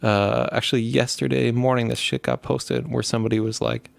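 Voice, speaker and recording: A man's voice: mid-range voice, steady tone, brisk, creaky, no room sound. A young man in casual, profane chat, rambling through stories and laughing as he talks. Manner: rambling, swears constantly, laughs while telling stories. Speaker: show host.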